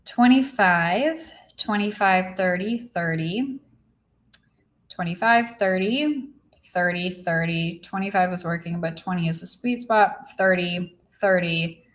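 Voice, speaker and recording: A woman's voice: fairly low pitch, unhurried. Tired young woman chatting on a livestream. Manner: chatty, reads viewer comments aloud. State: tired, low energy. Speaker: livestream host. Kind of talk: casual livestream chat. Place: her apartment. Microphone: computer mic.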